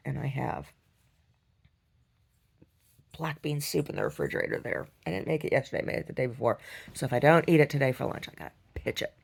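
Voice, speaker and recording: A woman's voice: low voice, gravelly, a little mellow, slightly rough. A woman artist telling a rambling, profane story in a casual vlog, full of restarts. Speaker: conceptual artist.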